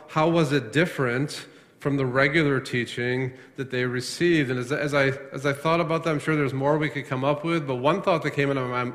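A man's voice: fairly high pitch, fairly bright tone, long reverb tail. A man preaching a sermon as a pastor, emphatic and full of rhetorical questions, often restarting his phrases.

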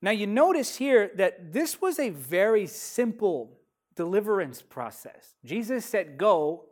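A preacher delivering a sermon with emphatic, repeated phrases, slowing down sharply to stress key lines. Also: mid-range voice, very animated, a little mellow.

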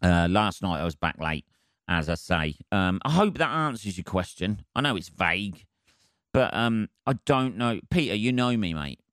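A low-pitched man with a smooth, clean voice hosts his comedy podcast. He rambles wryly, swearing constantly. The sound is dry and close. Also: expressive, normal speed, a bit bright, dry recording.

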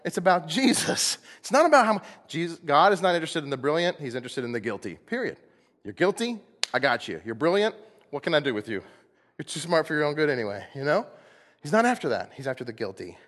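Male pastor, slightly high voice, lively and playful delivery, sermon in a church with long hall reverb. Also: fast. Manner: animated, playful, acts out voices. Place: church sanctuary.

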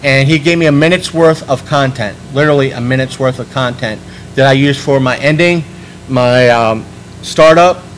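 A man hosting a podcast in casual chat, rambling and restarting his sentences, animated when he quotes people. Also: medium pitch, normal speed, slight background noise, low-quality recording. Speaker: podcast host.

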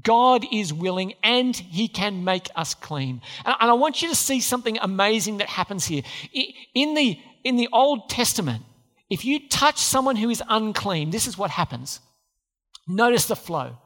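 A man's voice: sits high, expressive, normal speed, a bit bright, in a large hall. A man preaching a sermon as pastor, emphatic and repeating key phrases. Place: church.

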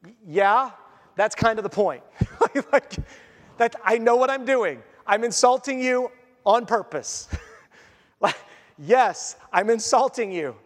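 A man preaching a sermon as pastor in a conversational, animated way. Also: high voice, measured pace, pauses often, in a large hall. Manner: conversational, animated, laughs at his own points.

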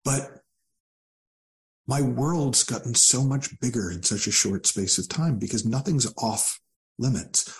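A man speaking as a guest coach in an interview, calm and thoughtful with a gently wry turn. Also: mid-range voice, a little slow. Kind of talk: reflective interview talk.

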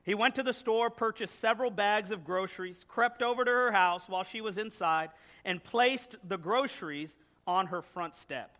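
Male guest preacher, high, bright, lively storyteller in church. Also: normal speed. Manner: animated storytelling with joking asides. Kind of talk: sermon. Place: church sanctuary.

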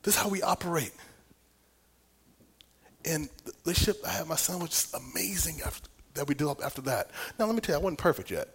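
Husky-voiced man preaching with dramatic whispers. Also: fairly high pitch, racing, few pauses. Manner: animated storytelling, dropping to whispers and rising to near shouts. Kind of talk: sermon.

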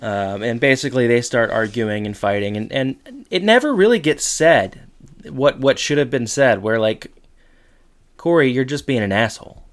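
A man's voice: medium pitch, moderate pace. A man co-hosting a podcast, casually recapping a TV episode and playfully acting out characters' lines. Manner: relaxed, jumps into quoted lines with comic emphasis. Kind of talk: casual chat.

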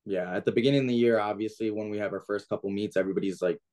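A man's voice: fairly low pitch, fairly even intonation, very fast, a little mellow. A young man, a diving coach, talking casually as a podcast guest, plain-spoken with lots of "like" and "kinda". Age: young adult. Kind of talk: podcast interview.

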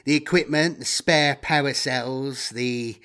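A man's voice: medium pitch, fairly even intonation, takes it slowly, sharp tone. Man playing a smug, greedy data trader. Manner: smug, sardonic.

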